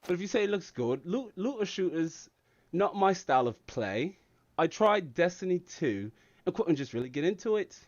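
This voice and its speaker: A man's voice: sits high, big pitch swings, normal speed, no echo, muffled recording. A man hosting a live stream Q&A, reading chat messages aloud and playing up a mock English accent. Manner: reads chat aloud, laughs often. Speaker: livestream host.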